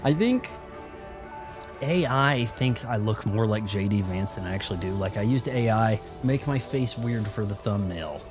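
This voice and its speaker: Over background music, a young man with a lowish voice talks at normal speed, barely pausing. While livestreaming a game, he rambles casually with chat and keeps putting himself down.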